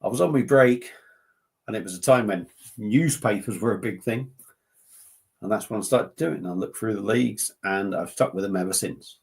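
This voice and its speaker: A man's voice: fairly low pitch, normal speed, gravelly. A man hosting a casual beer-review livestream, joking and rambling with plenty of swearing.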